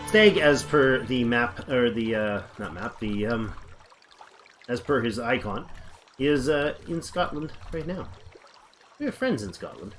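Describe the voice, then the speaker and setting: A man's voice: medium pitch, expressive, a little slow, over music. A man casually chatting on a livestream while playing a game, rambling and thinking aloud as he reads the chat. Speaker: game streamer.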